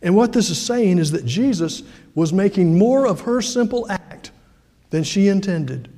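In a large church hall with a long echo, an older male pastor delivers a folksy, conversational sermon, throwing in asides and questions to the congregation. His fairly high voice has a dark, mellow tone, and he sounds expressive and unhurried.

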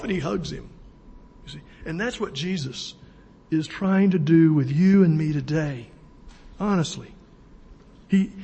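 A man pastor preaching a sermon in a church, emphatic and slowing down to stress his key words. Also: fairly high pitch, expressive, warm tone, slightly rough. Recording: long church reverb.

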